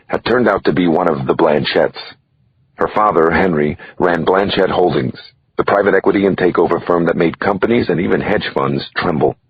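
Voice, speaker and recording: A man narrating a crime thriller audiobook in a measured, dramatic reading. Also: extremely low pitch, husky, muffled recording.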